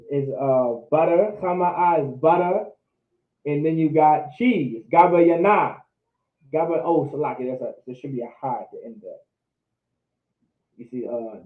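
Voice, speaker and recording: A man teaches vocabulary in a relaxed, informal way, drawing words out and repeating them. His voice sits a little high. The sound is tinny like a phone line and echoes in the room. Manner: drawn-out repetition of words, informal. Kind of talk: casual online language lesson.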